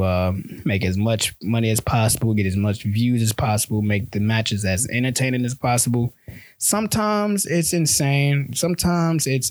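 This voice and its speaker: A man's voice: mid-range voice, darkish tone, no echo. Slangy man ranting about sports, dry sound. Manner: loose, slangy, repeats words and restarts. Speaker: sports podcast host. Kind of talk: casual solo sports rant.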